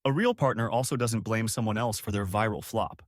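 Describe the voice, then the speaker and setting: A man's voice: fairly low pitch, brisk, no room sound, studio quality. A man giving scripted narration of reader-submitted stories in a wry storytelling manner.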